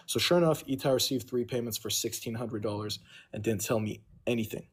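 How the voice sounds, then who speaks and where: Young man, livestream storyteller, casual and rambling, average pitch. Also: fairly even intonation, fast talker. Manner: rambling, backtracking, quotes others in his story. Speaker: livestream guest telling his story.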